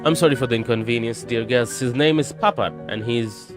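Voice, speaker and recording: A man's voice: mid-range voice, fairly quick, over music, lightly acted. A man reading the lines of a polite, apologetic woman who runs a resort, in his own voice. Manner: apologetic, formal, reading game lines aloud. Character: polite anxious female resort supervisor.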